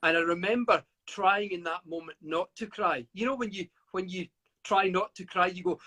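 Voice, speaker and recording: A man's voice: high-pitched, moderate pace, pushed and bright. A middle-aged man from the UK, a guest author reflecting at length in an interview, often stammering and restarting. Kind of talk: interview over a live video call.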